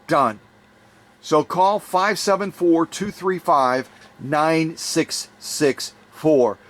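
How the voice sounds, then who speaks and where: Hoarse, urgent man pitching donations. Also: drawn-out words. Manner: urgent, pleading, repetitive. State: voice going hoarse. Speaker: YouTube channel host. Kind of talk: enthusiastic fundraising appeal.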